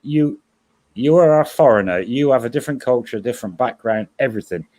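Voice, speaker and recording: A man's voice: mid-range voice, animated, a little fast, darkish tone. A middle-aged man, chatting casually on a livestream and rambling through long examples while correcting himself. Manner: rambling, self-correcting storyteller. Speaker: co-host guest.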